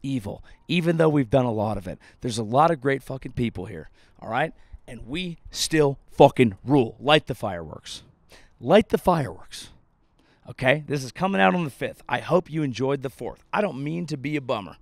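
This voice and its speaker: A man's voice: medium pitch, expressive, a little fast, creaky, no echo. 30s guy ranting on his podcast, swears a lot, sarcastic, dry sound, outside by a lake. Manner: profane, sardonic, emphatic. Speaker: comedian podcast host. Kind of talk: comedic rant monologue. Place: outdoors by a lake.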